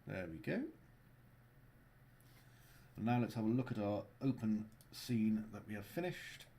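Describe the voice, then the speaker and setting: A man with a low, mellow voice hosts a casual livestream tutorial as a game developer. He talks through each step in a chatty, playful way and drops jokes along the way. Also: steady tone, moderate pace.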